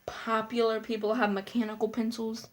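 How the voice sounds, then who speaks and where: A woman's voice: a little high, monotone, moderate pace. A young woman casually telling a personal story to her viewers, full of "like" fillers and giggles. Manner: chatty, lots of "like" fillers, giggly asides. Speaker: vlogger.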